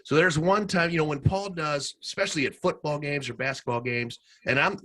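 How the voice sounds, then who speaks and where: A man co-hosting a podcast, telling stories in a casual, animated way and laughing as he goes. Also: a little high, brisk. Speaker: podcast co-host. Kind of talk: casual storytelling chat.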